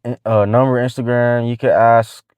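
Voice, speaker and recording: A man's voice: mid-range voice, flat delivery, normal speed, clear, resonant tone, no room sound, phone-quality sound. A man giving casual dating advice to the camera, talking in slang and swearing freely as he rambles along with restarts.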